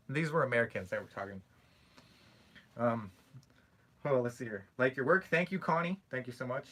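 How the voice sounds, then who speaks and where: Chatty Canadian man, bright voice. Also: medium pitch, normal speed, pauses often. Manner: chatty, joking, animated when telling stories. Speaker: livestream host. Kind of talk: casual live chat reading comments.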